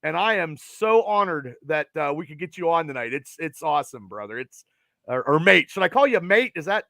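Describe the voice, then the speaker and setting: A man's voice: on the high side, big pitch swings, brisk, vocal fry, pushed and bright, no room sound. A man hosting a sports podcast, enthusiastic and talkative. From United States. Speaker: podcast host. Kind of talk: casual sports podcast chat.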